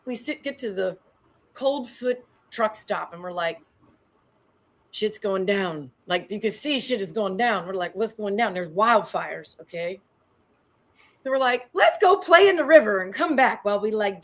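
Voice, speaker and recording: A woman in her thirties tells stories as a guest, her voice set a little high. She talks in an animated, slangy way and jumps to loud, excited peaks. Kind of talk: casual storytelling on a show.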